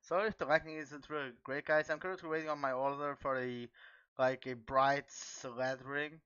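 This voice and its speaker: A man chatting casually to his viewers while opening trading card packs, excitable and quick to exclaim. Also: medium pitch, clear, resonant tone, no echo. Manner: chatty, keeps addressing viewers as guys. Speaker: trading card pack opener. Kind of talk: casual unboxing chat to viewers. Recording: dull, dry lo-fi home recording.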